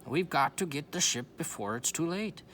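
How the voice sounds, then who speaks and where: A man's voice: a little high, expressive, moderate pace, a bit bright, a little hiss or hum, pitched above the performer's own voice. A man voicing a whiny, jittery pirate deckhand in a storybook read-aloud. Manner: whining.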